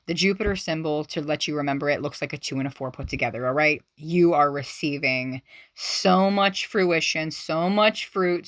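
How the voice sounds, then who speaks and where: Her voice sitting low on a dry recording, this tarot reader gushes through a reading for her viewers. Exclamations burst out excitedly, then drop into hushed asides.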